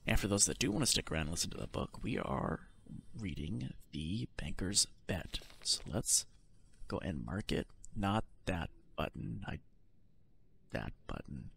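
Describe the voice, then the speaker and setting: A man's voice: sits low, very animated, moderate pace, creaky, fairly bright tone, a little hiss or hum. A man hosting a gaming channel, chatting casually and reading a text aloud, tripping over words and adding wry asides. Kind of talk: casual let's-play outro and reading aloud.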